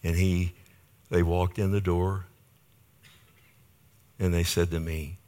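A middle-aged male pastor preaches a sermon, telling a personal story and acting out the voices of people he quotes with lively swings in pitch and volume. He takes it slowly and pauses often.

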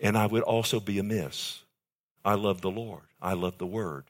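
An older man preaching a sermon as pastor, calling out to his congregation and stretching key phrases slowly for emphasis. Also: steady tone. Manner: emphatic preaching with sudden high pitch jumps and slowed key phrases; calls out to congregation with "amen" and "loved one".

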